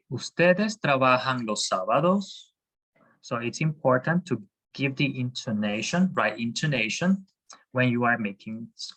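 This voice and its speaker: A teacher giving a Spanish lesson to students, patient and encouraging, explaining slowly with frequent fillers. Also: male voice, medium pitch, pushed and bright, low-quality recording. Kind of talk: online class teaching.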